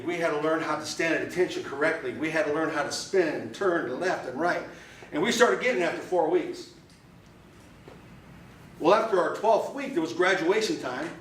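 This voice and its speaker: A man's voice: on the high side, slight background noise. A man giving an emphatic motivational club speech, telling stories in punchy, repeated phrases. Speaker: club speaker. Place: meeting room. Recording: echoey room from far off.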